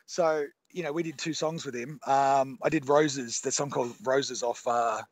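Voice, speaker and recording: A man's voice: medium pitch, fairly even intonation, moderate pace, no echo. A man in his thirties, a recording engineer, telling studio stories in a loose, rambling interview with lots of restarts. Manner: rambling with many restarts and fillers. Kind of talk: casual interview talk.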